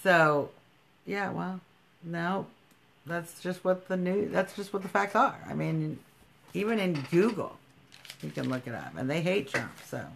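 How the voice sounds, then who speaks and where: A woman's voice: lowish voice, expressive, a little slow, vocal fry, slight background noise. A woman hosting a political livestream, talking bluntly and emphatically, scolding her viewers and swearing freely. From United States. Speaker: livestream host.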